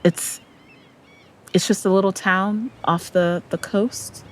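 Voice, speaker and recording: A woman's voice: mid-range voice, fairly even intonation, slow pace, slight background noise. A woman player in a tabletop role-playing game, speaking earnestly in and out of character.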